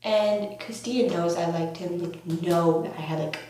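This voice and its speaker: A young woman in her teens telling a storytime vlog in a rambling, filler-heavy way with bursts of excitement, recorded on a camera mic at home. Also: lowish voice, normal speed. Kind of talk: storytime vlog, casual chat. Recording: very echoey room, faint hum.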